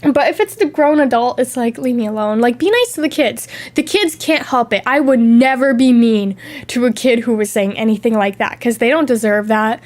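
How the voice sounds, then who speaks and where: A young adult woman streamer, sick with a lingering cough, telling stories in an animated, chatty way. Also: fairly high pitch, normal speed. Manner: animated, chatty storytelling with acted-out quotes. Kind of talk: casual chat.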